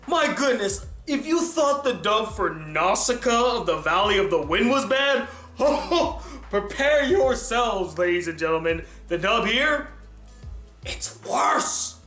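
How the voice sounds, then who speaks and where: Animated male film reviewer, high pitch; roomy sound. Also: normal speed, few pauses. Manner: animated, emphatic and exclamatory. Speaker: film reviewer and channel host. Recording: roomy echo with faint music.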